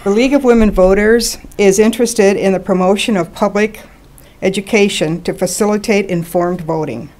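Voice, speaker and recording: A woman moderating a local candidate forum, reading formal thanks and reminders in a measured way. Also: mid-range voice, a little mellow. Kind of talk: formal closing remarks. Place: public meeting hall.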